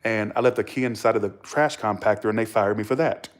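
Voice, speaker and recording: A man telling stories to camera in a casual vlog, blunt and profane, animated and chuckling between remarks. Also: on the low side, fast talker. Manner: blunt, profane, animated storyteller who acts out arguments. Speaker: vlogger.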